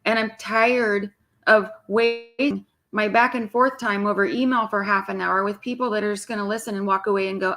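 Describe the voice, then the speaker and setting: A woman's voice: mid-range voice, steady tone, moderate pace, a bit bright. A woman twin flame coach speaking bluntly and with exasperation to her viewers, swearing freely and mimicking clients.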